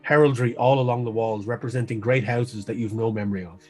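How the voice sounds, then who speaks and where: A man's voice: medium pitch, steady tone, fast talker, faint music behind. A man narrating a tabletop game as game master, describing scenes at length and sometimes restarting phrases.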